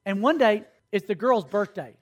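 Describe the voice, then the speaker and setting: A man's voice: high-pitched, expressive, moderate pace. A man, a youth pastor preaching, telling stories, acting out characters and calling for responses from the group. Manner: storytelling, acts out characters, calls for responses. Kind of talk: sermon.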